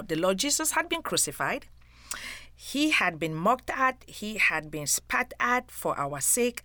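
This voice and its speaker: A woman's voice: medium pitch, pushed and bright, dry recording. A woman giving an earnest devotional Bible teaching, emphatic and speaking straight to the listener as a friend.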